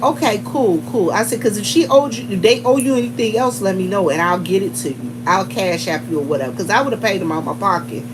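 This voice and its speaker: A middle-aged woman, casually telling a story to her viewers, animated and chatty, often calling them y'all and breaking into laughs. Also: a little high, noisy background. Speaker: vlogger.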